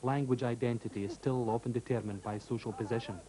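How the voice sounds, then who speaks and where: A man with a Scottish accent presenting a radio documentary in a measured, scripted style. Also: mid-range voice, steady tone, noisy background.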